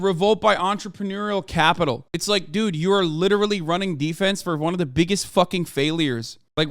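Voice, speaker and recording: High-voiced man in a profane rant. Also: fairly bright tone, no room sound, studio quality. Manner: profane, heated ranting. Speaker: streamer. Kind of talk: livestream commentary rant.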